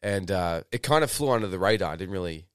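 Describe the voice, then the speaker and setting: Deep smooth aussie guy in his 20s, rambly, lots of likes and ums, swears casually. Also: animated, quick pace, no room sound, clean studio sound. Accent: Australian. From Australia. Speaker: podcast guest, actor. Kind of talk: casual interview storytelling.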